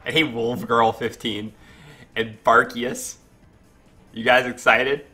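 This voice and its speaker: A man's voice: mid-range voice, fairly even intonation, takes it slowly, sharp tone, husky. A man chatting casually while streaming a game, greeting viewers and reacting to it. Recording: game music playing behind. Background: faint game music.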